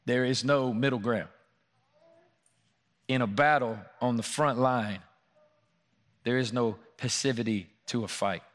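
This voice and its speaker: A man preaching a sermon in a church room, earnest, his voice lifting and growing louder when he reads scripture and dropping quiet during personal stories. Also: mid-range voice, measured pace, pauses often. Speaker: pastor.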